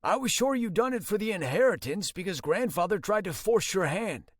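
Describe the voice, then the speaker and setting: A man's voice: sits high, animated, fairly quick, dry recording, clean studio sound, pitched above the performer's own voice. A male audiobook narrator voicing a smug adult brother who answers in a defensive, self-justifying way.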